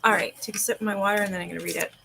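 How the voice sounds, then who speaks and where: A woman in her forties hosting a relaxed livestream from her home, her voice sitting in an ordinary middle pitch. She rambles between reading aloud and chatting, dropping casual swears, all through a sore throat. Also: racing, vocal fry, a little hiss or hum, low-quality recording. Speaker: livestream host.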